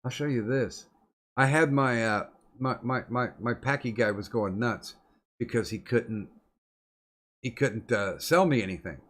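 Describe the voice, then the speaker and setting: A man's voice: medium pitch, unhurried, fairly bright tone. Profane rambling male podcast host. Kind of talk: casual chat.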